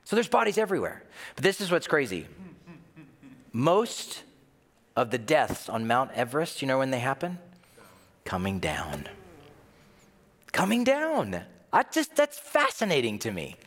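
A male pastor preaching with a lively, swinging delivery, telling stories and slipping into the voices of the people he quotes. His voice sits at a medium pitch. A long reverb trails off in a large hall. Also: moderate pace. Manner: animated storytelling, acting out quoted voices. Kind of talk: sermon.

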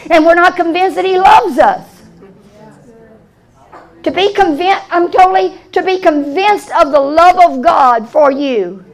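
A woman pastor preaching a sermon with passion, dropping to a hush and then rising to a shout. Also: very high-pitched, vocal fry, poor audio. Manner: impassioned preaching, swinging from hushed to shouted. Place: church meeting hall.

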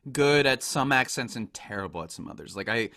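A man's voice: mid-range voice, expressive, a little fast, sharp tone. A man co-hosting a casual podcast chat, enthusiastic and rambling, full of "like" fillers. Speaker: podcast co-host.

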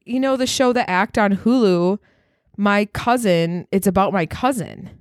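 A woman's voice: medium pitch, unhurried, dry recording, studio quality. A woman co-hosting a casual podcast chat, telling stories animatedly, acting out quotes and swearing freely. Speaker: podcast co-host.

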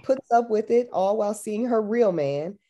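A woman's voice: mid-range voice, animated, normal speed, mellow. A woman co-hosting a podcast in casual chat, laid-back and chatty, recapping a movie with dry asides. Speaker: podcast co-host.

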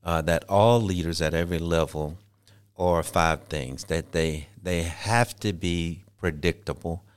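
Very deep-voiced man, measured guest. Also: clean tone. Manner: measured, lists points steadily. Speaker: guest, former fire chief. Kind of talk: interview answers.

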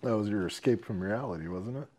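A man's voice: fairly low pitch, fast talker, breathy edge. A man co-hosting a casual podcast, telling a rowdy story with lots of swearing and laughter. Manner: animated, profane, laughing while telling a story. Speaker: podcast co-host.

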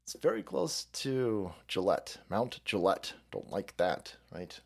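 A middle-aged man hosting a profane political livestream, loud and rambling, reading out viewer messages with frequent laughter. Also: on the low side, sing-song, slow, vocal fry, husky. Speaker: livestream host.

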